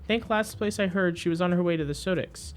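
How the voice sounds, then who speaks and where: A man's voice: high voice, a little fast, slight background noise, lightly acted. A man voicing an easygoing chatty traveller. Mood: friendly.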